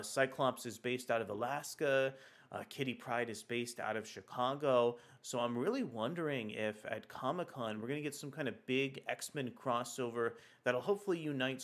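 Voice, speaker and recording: A man hosting a casual livestream, chatting enthusiastically with frequent fillers. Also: medium pitch. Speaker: livestream host. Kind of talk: casual comics news livestream.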